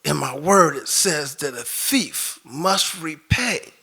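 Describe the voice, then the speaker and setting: God speaks low and slow, a calm, patient deity with a gravelly edge, as a man telling a story puts Him on. He gently teases, never raising his voice. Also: full character voice.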